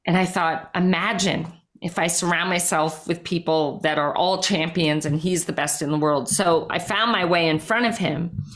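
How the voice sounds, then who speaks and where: A middle-aged woman with a somewhat low-pitched voice tells a story as an interview guest. She speaks emphatically and lively, scattering "like" through her sentences and acting out her own thoughts. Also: moderate pace. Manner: emphatic, lots of "like" and quoted self-talk. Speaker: guest, former triathlete and life coach. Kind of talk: animated personal storytelling.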